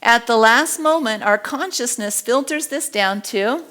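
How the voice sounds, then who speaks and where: Lively woman teaching a body language class. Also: fairly high pitch, measured pace. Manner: animated, acts out quotes and gestures. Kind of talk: live class lecture. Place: classroom with a live audience.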